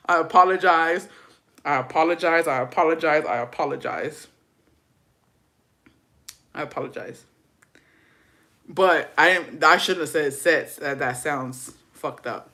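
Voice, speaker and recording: A woman talks straight to her viewers in a loose storytime chat. Her delivery is gossipy and animated, and she swears constantly. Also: deep voice, measured pace, long pauses. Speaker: vlogger.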